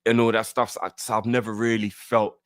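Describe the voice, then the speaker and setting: A man hosting a live fan reaction stream, excitable and full of slang. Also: on the low side, brisk, dry recording, studio quality. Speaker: fan channel host.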